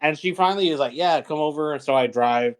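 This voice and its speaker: A man's voice: on the high side, fast, clear, resonant tone. A man from the Rio Grande Valley in Texas, co-hosting a comedy podcast and telling a story in a laid-back, hesitant way. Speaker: podcast co-host.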